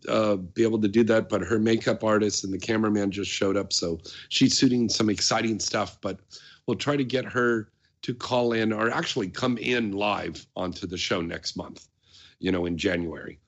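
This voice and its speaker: A man hosting a radio show, talking casually in a chatty, rambling way with many fillers. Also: on the low side. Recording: dull lo-fi sound.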